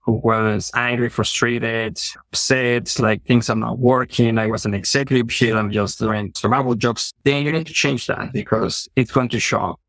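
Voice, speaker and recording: A man's voice: mid-range voice, steady tone, normal speed, a bit bright, no echo. A man from Mexico with a Mexican accent, a guest telling stories in conversation and acting out quoted dialogue with animation. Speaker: interview guest. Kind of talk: conversational storytelling.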